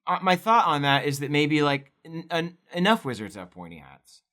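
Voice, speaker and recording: A man's voice: a little high, very animated, normal speed, sharp tone. Playful rambling young man. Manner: playful, rambling, laughs often. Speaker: co-host. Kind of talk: casual chat while drawing.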